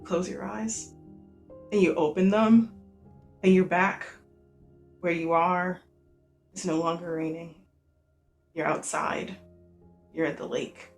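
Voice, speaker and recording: A storyteller narrating a tabletop role-playing game in a soft, halting way with many fillers. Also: medium pitch, steady tone, soft background music.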